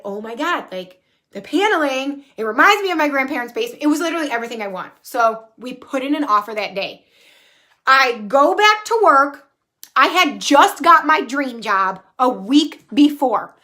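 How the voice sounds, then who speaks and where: A woman in her thirties telling a story about her home in a casual, animated and profane way, recorded on her phone at home. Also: high-pitched, normal speed. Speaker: spiritual coach and vlogger. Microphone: phone camera.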